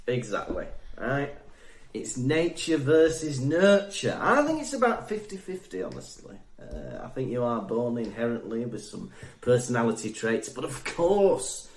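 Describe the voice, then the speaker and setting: A man's voice: mid-range voice, measured pace, echoey room. A man co-hosting a podcast, chatting casually and laughing a lot. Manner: giggly, jokey, animated. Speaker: podcast co-host. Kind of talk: casual chat.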